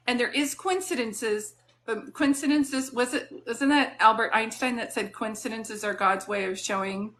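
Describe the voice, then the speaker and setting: A woman's voice: a little high, moderate pace, sharp tone, a little hiss or hum. A woman working as a psychic medium, giving a live-stream reading in a soothing, reassuring, chatty way.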